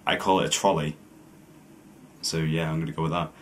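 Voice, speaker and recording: A man's voice: extremely low pitch, little pitch movement, fairly quick, slight background noise. A young man doing a casual challenge vlog, reading questions aloud and answering bluntly with plenty of swearing. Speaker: vlogger.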